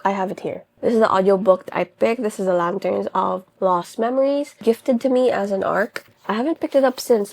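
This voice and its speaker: A woman's voice: medium pitch, vocal fry, no room sound. A young woman vlogging about books, emotional and gushing, her voice catching as she reacts. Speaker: book vlogger. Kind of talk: casual reading vlog talk.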